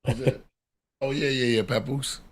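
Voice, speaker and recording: A man's voice: medium pitch, fairly even intonation, moderate pace, crowd noise. A man hosting a podcast in laid-back casual chat, laughing often and answering in short replies. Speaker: podcast host.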